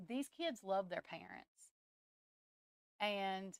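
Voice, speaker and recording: A woman's voice: mid-range voice, unhurried, noisy background. A woman who hosts a tarot live stream, talking in a casual, emotional and blunt way that rambles.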